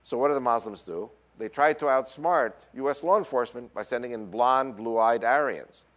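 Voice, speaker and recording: A man's voice: medium pitch, normal speed. A man from New York with a New York accent, giving a lecture full of personal anecdotes and frequent "uh" fillers. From New York, USA. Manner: animated storyteller, frequent "uh" fillers. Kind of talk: lecture mixed with personal storytelling.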